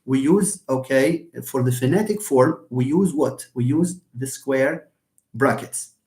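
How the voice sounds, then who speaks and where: A man's voice: medium pitch, a little slow, darkish tone. A man, a university linguistics professor giving a live-stream lecture and answering viewers' comments in a hesitant way, with many fillers, restarts and chuckles. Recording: echoey room.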